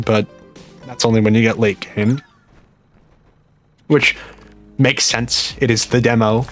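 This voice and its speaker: A young man talking quietly through a dental retainer while playing a game at home late at night, rambling and mocking himself. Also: medium pitch. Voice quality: slightly muffled speech from a dental retainer. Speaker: gaming YouTuber. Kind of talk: live gameplay commentary.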